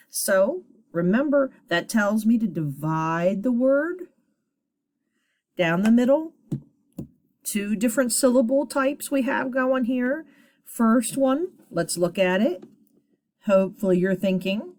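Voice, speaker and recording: A woman teacher giving a phonics lesson to children, sounding out syllables slowly and encouragingly. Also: mid-range voice, animated, a little mellow.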